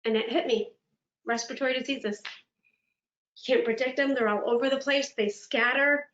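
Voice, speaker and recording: A woman motivational speaker giving a virtual keynote, telling stories in an animated, dramatic way. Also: high-pitched, normal speed. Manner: animated, dramatic storytelling with laughs. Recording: echoey room, dull lo-fi sound.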